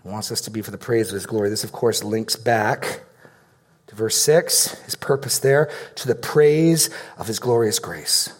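A man's voice: lowish voice, moderate pace. Man preaching verse by verse. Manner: emphatic, repeats phrases with rising and falling force; reads scripture aloud and unpacks it verse by verse. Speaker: pastor. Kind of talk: sermon.

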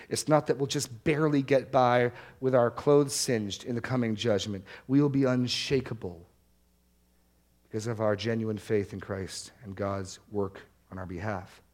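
A man's voice: medium pitch, a little mellow. Earnest male preacher stressing each point. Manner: earnest preaching, slows and stresses key words. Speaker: pastor. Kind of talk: sermon.

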